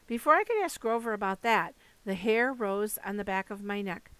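A woman reading a first-person novel aloud in a steady storytelling voice, mid-pitched. The sound is close and dry, with no room echo. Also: moderate pace, clean tone. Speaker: audiobook narrator. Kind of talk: first-person audiobook narration.

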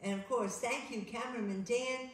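A woman reading a children's picture book aloud in an animated, sing-song way. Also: a little high, normal speed. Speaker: children's storyteller. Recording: echoey room.

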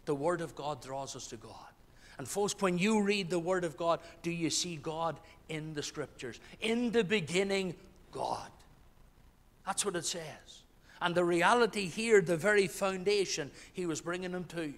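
A man's voice: high voice, unhurried, fairly bright tone. A man preaching a sermon as pastor, earnest, with restarts and swells of emphasis. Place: church. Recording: church hall with long reverb.

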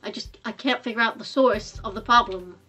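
A woman's voice: a little high, brisk, pushed and bright, faint music behind. A woman voicing a moody, impatient teenage boy Cupid who sounds sulky and exasperated. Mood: weary.

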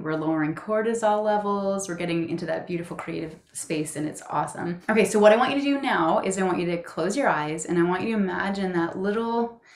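Calm woman coaching a tapping session. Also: on the low side, reverberant. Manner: calm coaching, gives phrases to repeat. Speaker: EFT practitioner.

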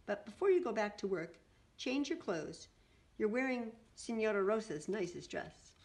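A wise, kindly old witch, voiced by a woman reading aloud, speaks to her students gently and patiently, yet firmly. Her voice has a lively, expressive storybook rise and fall. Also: medium pitch, moderate pace, natural voice. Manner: gentle, patient, firm teacher.

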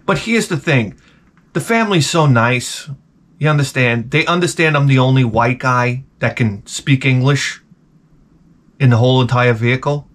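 A man's voice: mid-range voice, normal speed. A middle-aged man, hungover, telling a rambling, exasperated story to his viewers. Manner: animated, exasperated, acts out his own reactions. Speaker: vlogger. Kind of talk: casual storytelling rant.

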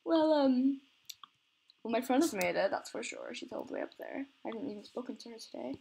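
Slightly high and warm, her voice is gravelly and a bit rough, brisk, with lively intonation. The young gamer rambles casually while playing, often giggling and laughing at herself.

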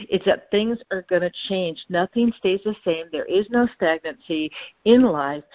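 A woman hosting an interview show, speaking in a calm, reassuring way. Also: medium pitch, dry recording. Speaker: host. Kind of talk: casual interview talk. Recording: dull, lo-fi audio.

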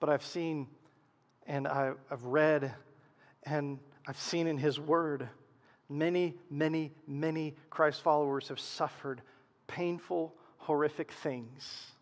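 A man preaching a sermon as pastor, swinging from loud emphasis to hushed, quiet lows. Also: steady tone, slow pace, in a large hall.

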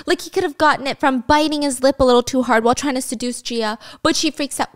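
Female storyteller, casual and sarcastic, a bit high-pitched, loose and animated. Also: fast, hardly any pauses. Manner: chatty, sarcastic asides, swears and laughs. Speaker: storyteller recapping a drama.

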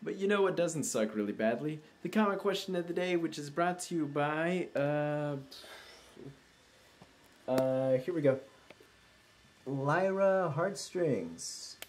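A man's voice: fairly high pitch, animated. A man hosting his own video show, chatting casually and mocking himself while he reads out viewers' comments, recorded on a laptop's built-in mic. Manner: rambling and self-mocking, slow-paced. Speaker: show host. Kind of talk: casual unedited video chat.

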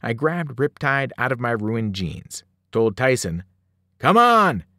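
A man, a teacher, reading a novel aloud with expressive storytelling. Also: medium pitch, a little slow, no echo, clean studio sound.

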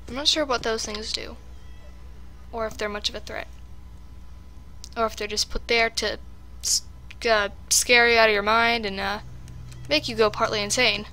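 Bright-voiced woman narrating a horror game. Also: fairly high pitch, fairly even intonation, normal speed, long pauses, slight background noise. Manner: jittery, talks to viewers while playing a horror game. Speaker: gaming commentator. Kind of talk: casual let's-play commentary.

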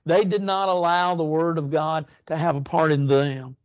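Earnest and convicted, a preacher gives his church sermon with slow, stretched stresses and a voice that rises for emphasis. He speaks a little high in a level tone, and the close, dry recording has no room sound and sounds somewhat dull and muffled.

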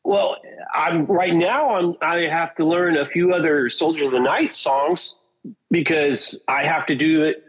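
A man's voice: fairly high pitch, fairly even intonation, measured pace, fairly bright tone, husky, low-quality recording. A man, a metal singer from Portland, Oregon, telling rambling, profane anecdotes in a casual chat and acting out what others said. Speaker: guest, metal band singer.

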